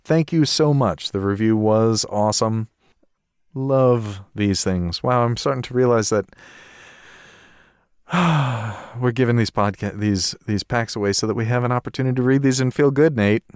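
A man's voice: mid-range voice, normal speed, a little mellow, clean tone, dry recording, clean studio sound. A man co-hosting a podcast in a casual chatty way, laughing often and poking fun at himself. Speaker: podcast co-host.

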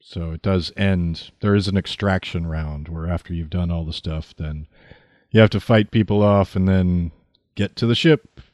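Dry, matter-of-fact man with a low voice. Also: moderate pace, darkish tone, no room sound. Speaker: podcast co-host. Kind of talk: casual chat about card and video games.

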